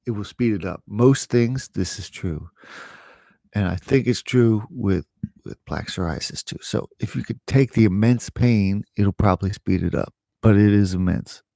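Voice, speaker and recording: A man giving rambling, casual advice in a home vlog, laughing at his own jokes and trailing off quietly. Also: on the low side, gravelly, no room sound. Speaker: vlogger sharing home remedies.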